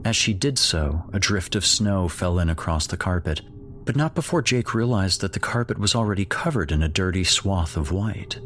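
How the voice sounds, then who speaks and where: A man narrating a horror story slowly and dramatically. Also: low-pitched, expressive, fairly bright tone, slight background noise.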